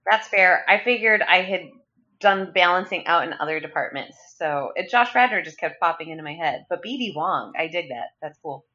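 A woman co-hosting a casual podcast, relaxed and trailing off, often answering with brief agreements. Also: on the low side, normal speed. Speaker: podcast co-host. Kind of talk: casual chat about movie casting. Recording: slightly dull lo-fi sound.

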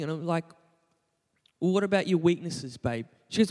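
With a fairly high, darkish voice and lively intonation, a young male pastor preaches at a moderate pace, leaving long pauses, inside a large hall. He's conversational and self-deprecating, often turning questions back to the congregation.

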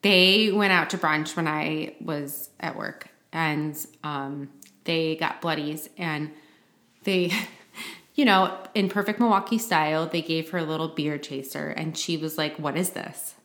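A woman co-hosting a casual chat, relaxed and agreeable, often trailing off softly. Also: deep voice, unhurried. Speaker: podcast co-host. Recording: roomy echo.

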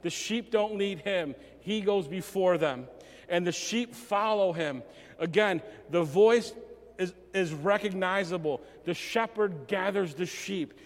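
Pastor guy preaching, kinda high voice, gets emotional, stumbles and restarts, long echo off the church hall. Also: a little slow. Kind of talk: sermon.

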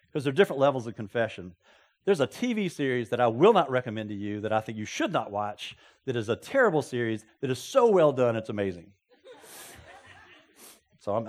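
A man preaching a sermon, telling stories with folksy asides and sudden loud exclamations. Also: medium pitch. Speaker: pastor.

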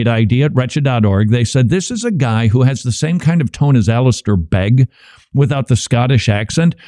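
A middle-aged radio host runs a casual commentary show, joking wryly and animatedly about church signs and sermons. His mid-range voice is captured with clean studio sound and no room ambience.

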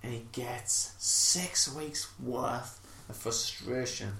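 A man's voice: medium pitch, slow pace, creaky, bright, forceful tone, roomy sound. A man, telling a sweary story and laughing in casual podcast chat. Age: 30s. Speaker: podcast co-host.

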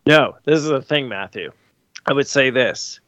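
A man's voice: mid-range voice, normal speed, dry recording, highs cut off. A man hosting a long-running podcast, telling stories and acting out what people said. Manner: animated storyteller who acts out quotes. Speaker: podcast co-host. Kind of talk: casual chat.

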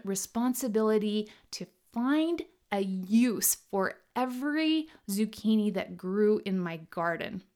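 A woman giving a scripted talk, telling humorous stories playfully and slowing down to stress key words. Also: mid-range voice. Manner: slow and emphatic on key words. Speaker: motivational speaker.

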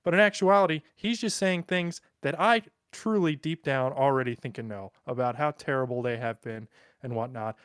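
A man's voice: medium pitch, normal speed, fairly bright tone, clean tone, no echo, studio quality. A man co-hosting a podcast in casual chat, joking crudely and mocking himself. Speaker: podcast co-host. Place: in Europe.

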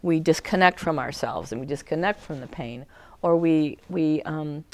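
A woman gives a conversational talk on emotional healing to a small group, speaking at normal speed with no room sound. Her speech is full of fillers and restarts, and now and then she acts out a crying child in a high shout.

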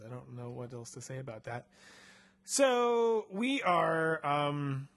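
A man co-hosting a casual podcast, retelling a book in a rambling, self-deprecating way with lots of fillers. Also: medium pitch. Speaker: podcast co-host.

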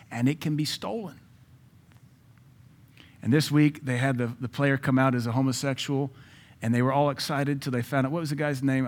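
A man preaching a sermon in an emphatic, conversational way, with asides to his listeners and sudden loud rises. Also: mid-range voice. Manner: jokes and asides to the audience.

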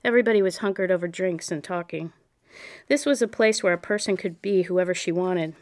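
A woman narrating a memoir audiobook in a measured, reflective way. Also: lowish voice.

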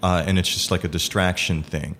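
A man in casual conversation about improv performance, talking in a halting way with many fillers and restarts. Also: low voice, little pitch movement, a bit bright, slight background noise.

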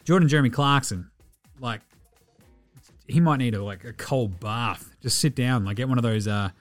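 A man's voice: medium pitch, moderate pace, soft background music. An Australian man hosting a basketball podcast, talking in a brash, slangy way, swearing freely and laughing often. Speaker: podcast host. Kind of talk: casual sports commentary.

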